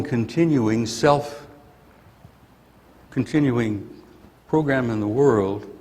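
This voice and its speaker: A man's voice: mid-range voice, long reverb tail. An older man giving a blunt, grumpy conference talk and venting his anger. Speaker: conference speaker. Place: conference hall.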